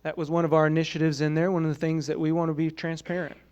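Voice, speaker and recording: A man's voice: a little high, little pitch movement, quick pace, a little mellow, clear, resonant tone, lo-fi sound. A man giving a conversational conference presentation to a room of colleagues, often saying "you know" and asking the audience questions. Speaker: presenter at a training summit.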